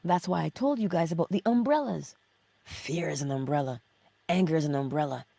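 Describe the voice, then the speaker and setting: A woman hosting a motivational spiritual talk, asking rhetorical questions and answering them herself, sometimes dropping to a hushed whisper. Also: deep voice, brisk, gravelly, dry recording. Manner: drops into hushed, whispered emphasis. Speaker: host of a morning inspiration livestream.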